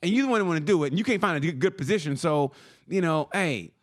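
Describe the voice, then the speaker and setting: A man's voice: a little high, expressive, fast. A middle-aged man co-hosting a comedy podcast, telling rambling stories in casual chat, acting out quotes and laughing often. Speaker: podcast co-host.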